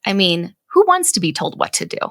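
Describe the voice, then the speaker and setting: A woman's voice: on the low side, big pitch swings, brisk, gravelly, no echo. A woman in her thirties, a podcast co-host and mother, explaining parenting ideas in an earnest, conversational way and often checking in with "right?". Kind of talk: casual parenting chat.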